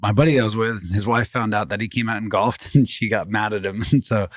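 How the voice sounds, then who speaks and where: A man, a podcast guest telling a story in rambling, animated casual talk full of restarts. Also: lowish voice, a little fast, dry recording, studio quality. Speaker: podcast guest, former fighting champion.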